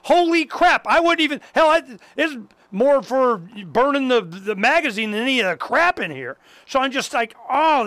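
A man hosting a casual talk show, ranting in an animated, profane way. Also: sits high, no room sound. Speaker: host. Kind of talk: casual chat.

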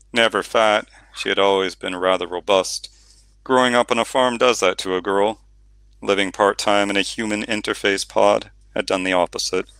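A male audiobook narrator with a gravelly, fry-laden voice that still has a bright, forceful edge. He sits slightly low in pitch and tells the story steadily. The recording is dry and close. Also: dry recording. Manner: steady storytelling with occasional reading slips. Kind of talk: scripted narration.

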